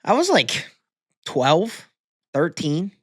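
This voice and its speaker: A young man co-hosts a sports podcast into a headset mic, telling stories in a relaxed, easygoing way. His pitch moves around a lot as he talks. The sound is dry and close. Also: slow, no room sound. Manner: laid-back storyteller, laughs easily. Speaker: podcast co-host. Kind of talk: casual sports chat. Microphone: headphones with mic.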